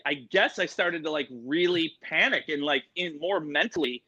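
A man telling stories as an interview guest, excitable and rambling, full of "like" and "you know". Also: fairly high pitch, moderate pace, muffled recording. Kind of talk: casual storytelling.

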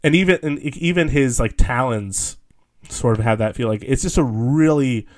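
A man's voice: medium pitch, moderate pace, darkish tone. A young man co-hosting a podcast, rambling casually with lots of fillers and frequent laughter. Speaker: podcast co-host. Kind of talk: casual chat.

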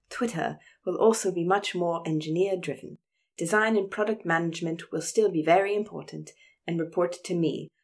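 A woman's voice: fairly low pitch, darkish tone. A woman reading out a tech boss's email in a mock-serious, put-on British accent.

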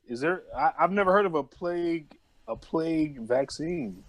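A man's voice: a little high, animated, moderate pace, no room sound. A man co-hosting a podcast, arguing his point emphatically in slangy casual chat.

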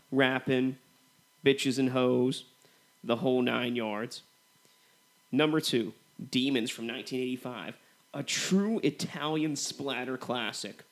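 Laid-back man co-hosting a movie podcast. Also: medium pitch. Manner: relaxed, filler-heavy comparisons with "you know". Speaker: podcast co-host. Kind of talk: casual movie review chat.

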